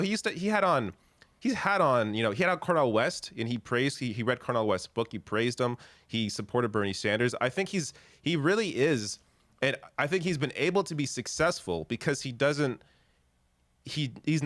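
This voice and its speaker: A man hosting a political discussion, opinionated and filling pauses with "you know". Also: medium pitch, a bit bright, dry recording. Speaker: host.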